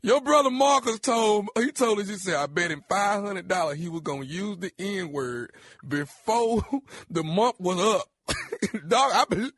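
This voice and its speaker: A man co-hosting a radio show, loud and laughing as he reveals a prank. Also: sits high, animated, a little slow, no room sound.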